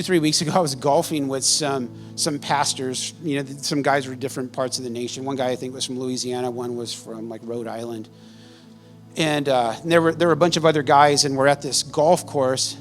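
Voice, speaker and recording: A man preaching a sermon as pastor, telling stories conversationally and laughing often. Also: on the high side.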